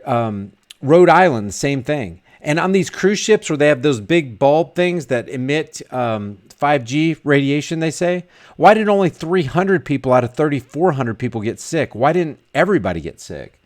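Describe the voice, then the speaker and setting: A man's voice: fairly high pitch, expressive, normal speed. A man vlogging casually, reading viewer comments aloud and rambling with frequent restarts and repeated words. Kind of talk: casual live chat.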